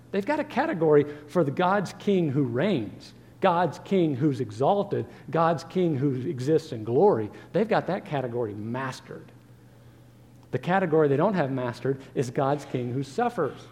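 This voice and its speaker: A man preaches to his congregation in an earnest way, asking rhetorical questions as he works through the text. His voice sits a little high yet sounds mellow and warm. A long reverb trails each phrase, as if from a church sanctuary. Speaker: pastor. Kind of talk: sermon.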